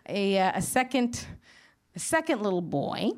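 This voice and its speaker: A woman's voice: mid-range voice, big pitch swings, slow, a little mellow. A middle-aged woman from Queens with a New York accent, telling a candid, profane story on stage, full of restarts. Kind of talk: live storytelling monologue.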